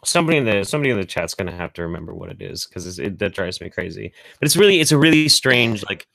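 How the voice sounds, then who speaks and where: A man's voice: fairly low pitch, very animated, rapid-fire, gravelly, bright, forceful tone, dry recording. An American man hosting a casual streamed chat, rambling loosely and swearing freely, with lots of restarts. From United States. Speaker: host.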